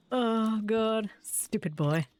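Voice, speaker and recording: A woman's voice: fairly high pitch, darkish tone. Laughing woman in her forties telling a story. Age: 40s. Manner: laughing, swearing anecdote teller. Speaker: streamer. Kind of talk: casual storytelling while streaming a game.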